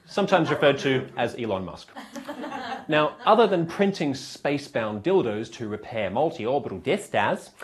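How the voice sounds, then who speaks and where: A man from Australia with an English-sounding accent, hosting a comedy variety show with a wry, punchy monologue. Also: medium pitch. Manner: wry, punchy delivery with frequent laughs at own jokes. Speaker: host.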